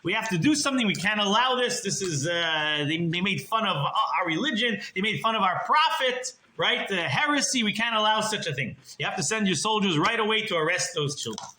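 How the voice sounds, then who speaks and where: A man doing an outraged, vain sheikh, pitched well above his normal voice. The complaint comes out agitated and forceful. A room echo hangs on every line. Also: animated, fairly quick, heavily acted. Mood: furious. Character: indignant proud male sheikh, furious at mockery. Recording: roomy echo.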